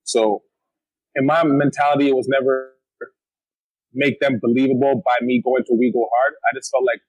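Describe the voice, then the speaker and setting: A man's voice: medium pitch, fairly even intonation, normal speed, a little mellow, husky, no room sound, poor audio. A young man with a Toronto accent, a battle rapper talking bluntly and streetwise in a casual interview. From Canada. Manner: streetwise, blunt, frequent slang and "you know what I mean".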